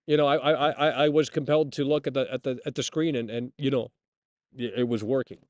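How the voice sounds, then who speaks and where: A man's voice: medium pitch, fairly even intonation, fast talker, darkish tone, no room sound. A man hosting a live stream, ranting bluntly and with lots of swearing. He often repeats words and restarts his sentences. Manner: blunt, profane, opinionated. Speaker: streamer host. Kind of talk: casual live-stream rant.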